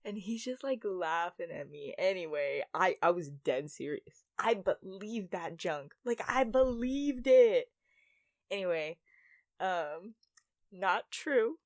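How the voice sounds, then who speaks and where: Slow, chatty young woman vlogger. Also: on the high side, animated, a little mellow, no echo, studio quality. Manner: rambling, self-mocking, full of fillers. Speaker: YouTuber. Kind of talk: casual storytime monologue.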